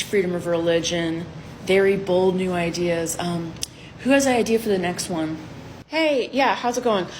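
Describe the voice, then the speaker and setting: A woman playing a brisk, impatient founding leader. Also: medium pitch, slight background noise, lightly acted, poor audio. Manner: brisk, chairing a meeting.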